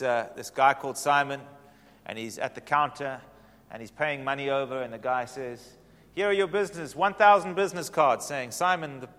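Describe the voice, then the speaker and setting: A male pastor preaching a sermon in an earnest, inviting way, moving between hushed and emphatic delivery. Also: medium pitch. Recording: long hall reverb.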